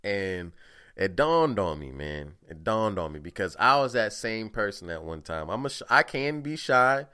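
A man's voice: fairly low pitch, big pitch swings, moderate pace, sharp tone, smooth. A young man from the talking casually and profanely on his own podcast, ranting animatedly. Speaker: podcast host. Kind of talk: casual monologue.

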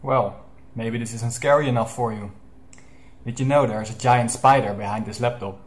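Calm taunting game voice, a man, mid pitch, dry teasing delivery. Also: moderate pace, close to an everyday voice. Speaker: game narrator.

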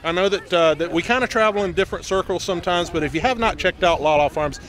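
A man's voice: high-pitched, fast. A man vlogging at an outdoor farm meetup, chatting and joking with guests and tripping over names. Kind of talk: casual chat. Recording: loud crowd chatter outdoors.

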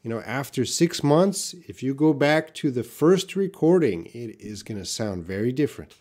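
A man's voice: medium pitch, very animated, normal speed, darkish tone. A man teaching English in a live question-and-answer stream, reading out viewers' questions and modeling words for them to repeat.

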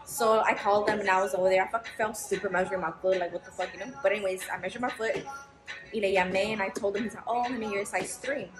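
A young woman vlogs to camera, telling her story frankly and swearing freely in casual chat. Her mid-range voice is steady in tone and rapid-fire. The recording has roomy echo and background music.

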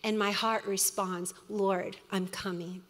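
A woman's voice: medium pitch, level tone. Middle-aged woman teaching in a reverberant hall. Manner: earnest, warm storytelling with quick asides. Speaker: women's Bible study teacher. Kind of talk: sermon.

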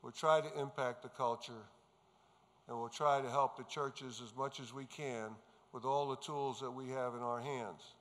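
In a steady, fairly bright mid-range voice at moderate speed, a man from New York tells pastors his story as testimony. The delivery is earnest and emphatic, and the conference hall gives the recording a reverberant sound.

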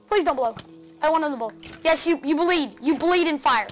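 A woman hosting a video game let's play, excitable, chattering to the game animals and laughing often. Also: high-pitched, fairly quick, loud music behind the voice. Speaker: gaming channel host.

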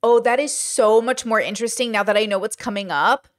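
A woman giving casual reaction commentary, chatty and thinking aloud as she pauses a video to comment. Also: a little high. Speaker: commentary streamer.

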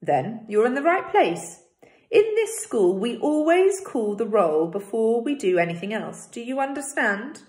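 A woman voicing an old male village schoolteacher in a read-aloud story, speaking clearly, measured and kind. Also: fairly high pitch, sing-song, darkish tone, pitched above the performer's own voice. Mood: kindly firm. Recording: roomy echo.

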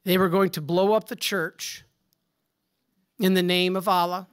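A man, a Catholic priest, giving a conference talk with emphatic preaching and rhetorical questions, swinging from forceful declarations to hushed asides. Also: sits high, little pitch movement, unhurried, clear, resonant tone.

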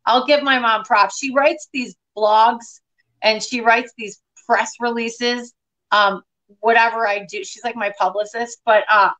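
A middle-aged woman from Detroit, a comedian chatting in an interview, telling stories in an animated, quick way. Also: on the high side, low-quality recording. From Detroit, USA. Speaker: comedian, guest. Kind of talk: casual interview chat.

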